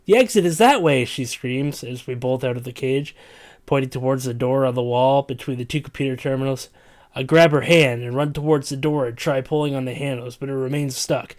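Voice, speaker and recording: A man's voice: mid-range voice, flat delivery, fairly quick. A man reading a comedic story aloud in a dramatic, stumbling way. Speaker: reader.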